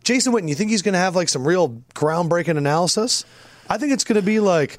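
A man co-hosting a casual sports podcast, animated and jokey, sometimes putting on mock voices. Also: high voice, fast talker, dry recording. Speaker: podcast co-host.

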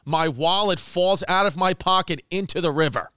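A man spins a rambling comic story, quick and animated, acting out quoted lines. His voice sits fairly high and sounds smooth and clear. The recording is dry and close. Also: no echo. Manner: animated, fast, acts out quotes with Spanish asides. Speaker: comedian telling a story. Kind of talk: casual storytelling monologue.

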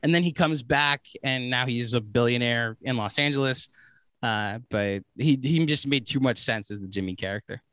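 A man's voice: mid-range voice, normal speed, a bit bright, clean tone, no room sound. A man guesting on a podcast, chatting casually and enthusiastically about films with plenty of fillers. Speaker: guest, movie podcast host.

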